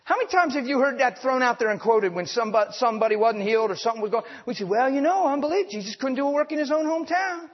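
A man preaching a sermon in a folksy, fast-talking way, chuckling and acting out the voices in the stories. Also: very high-pitched, animated. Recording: muffled, echoing hall.

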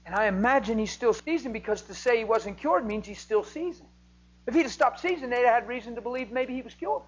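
Man preaching, from shouts to whispers. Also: very high voice, animated, fast, breathy edge, low-quality recording. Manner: swings from loud, emphatic preaching to hushed whispers. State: emotional. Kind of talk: sermon.

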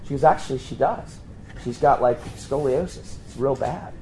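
A man preaching, telling a story and acting out the voices of the people in it with sudden high jumps in pitch. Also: moderate pace, a little mellow, slight background noise, poor audio. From Pennsylvania. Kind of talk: storytelling sermon.

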